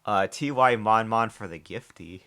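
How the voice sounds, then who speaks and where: A man's voice: on the low side, unhurried, a bit bright. A man live-streaming, chatting casually with viewers, joking, swearing and often restarting his sentences. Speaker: livestreamer reading chat.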